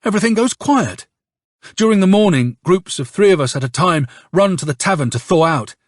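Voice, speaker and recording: A man reading an audiobook, playing a hoarse, bitter young officer who tells his story with curses and sarcasm. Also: sits high, animated, fairly quick, dry recording, studio quality, voice pushed up. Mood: angry storytelling. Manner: angry, sardonic storytelling with curses. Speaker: audiobook narrator.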